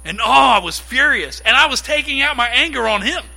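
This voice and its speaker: A man preaching a sermon in a conversational, animated way, acting out little quotes as he teaches. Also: very high-pitched, fairly quick, creaky, rough recording. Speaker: pastor.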